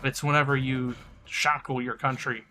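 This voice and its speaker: Bright-voiced crude ranting streamer man. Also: medium pitch, little pitch movement, normal speed, soft background music. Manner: crude, mocking, laughs often. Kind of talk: casual game-stream rant.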